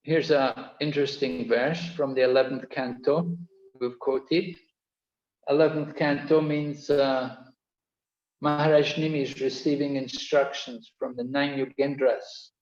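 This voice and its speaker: A man's voice: mid-range voice, steady tone, unhurried, darkish tone. A man teaching an online course, explaining points earnestly and repeating key phrases. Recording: echoey, dull-toned video call audio.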